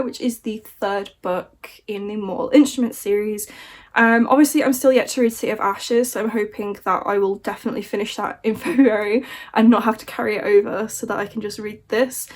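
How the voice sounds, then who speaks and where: A young woman chatting casually as a book vlogger, swearing freely and joking with exasperated humor. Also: a little high. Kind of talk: casual chat.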